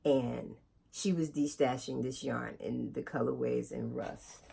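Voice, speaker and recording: A woman chatting casually to her viewers in a knitting vlog, animated and talking straight to her audience. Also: a bass voice, a little slow, vocal fry, a little hiss or hum. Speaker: knitting vlogger.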